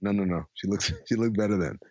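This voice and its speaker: A man's voice: on the low side, fast talker, mellow, no room sound. Male podcast co-host, crude joker, muffled dry studio mic. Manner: crude joking, reads out his own notes. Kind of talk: casual movie review chat.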